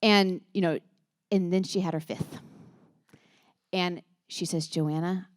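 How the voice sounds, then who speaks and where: A woman's voice: on the low side, fairly even intonation, slow pace, dry recording, studio quality. A woman in her thirties speaking to a church group of moms in a chatty, earnest way, often restarting her sentences. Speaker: speaker at a church moms' gathering. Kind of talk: casual talk to a women's group.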